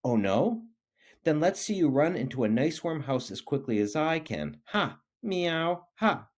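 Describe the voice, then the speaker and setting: Man voicing a smug girl cat, taunting, storybook, lively pitch. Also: moderate pace. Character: smug female cat in a tree.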